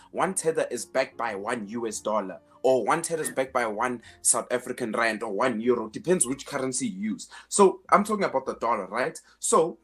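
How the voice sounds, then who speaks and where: A man's voice: medium pitch, a bit bright, breathy edge. A man hosting a finance show in casual commentary, emphatic, repeating words as he builds each point, with sarcastic asides.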